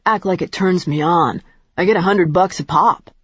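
A woman's voice: lowish voice, normal speed, husky, no room sound, muffled recording. A woman reading as a sullen male club dancer. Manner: sullen, curt.

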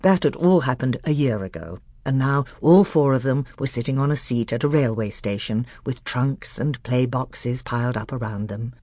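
A woman narrating a storybook aloud with expressive storytelling. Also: extremely low pitch, moderate pace, hardly any pauses, no room sound, studio quality. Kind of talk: audiobook reading.

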